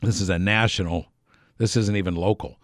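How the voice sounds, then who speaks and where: A middle-aged man with a very low voice tells a casual, meandering story for a radio audience. He backtracks, restarts his sentences and chuckles along the way. His voice sounds dry and close, with no room around it. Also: fairly even intonation, a little fast, dry recording. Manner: rambling, self-correcting, chuckles while telling.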